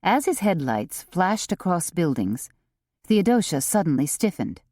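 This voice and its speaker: A woman narrating a cozy mystery audiobook in an expressive, unhurried reading. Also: fairly low pitch, no echo, studio quality. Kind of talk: scripted narration.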